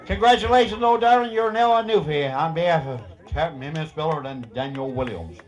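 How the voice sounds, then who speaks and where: A man's voice: on the high side, expressive, brisk, muffled recording, some chatter behind. A man with a Newfoundland accent, leading a ceremony with teasing, folksy banter and frequent laughter. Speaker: master of ceremonies at a screech-in.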